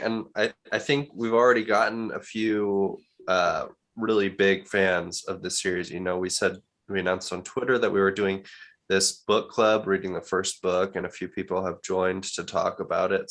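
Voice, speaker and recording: A man co-hosting a book podcast with a deep voice, chatting casually while sick. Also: fairly bright tone. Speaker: podcast co-host.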